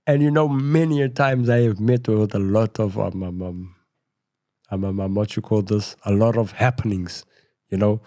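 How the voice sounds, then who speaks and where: A middle-aged South African man telling his story in a casual interview, rambling and full of "you know," going quieter at tense moments. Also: on the low side, normal speed. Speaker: podcast guest.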